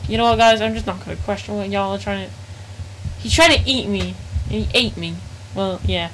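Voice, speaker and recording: A woman's voice: mid-range voice, brisk, a bit bright, a little hiss or hum, low-quality recording. A woman live-streaming a game, chatting casually in slangy speech and reacting aloud to chat.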